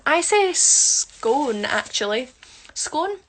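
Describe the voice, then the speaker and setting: Woman hosting a casual phone livestream, high voice, playful and teasing, reads out comments between makeup steps. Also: moderate pace, fairly bright tone. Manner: chatty, teasing, jokes with viewers while doing her makeup. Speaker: livestream host answering viewer comments. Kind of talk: casual chat.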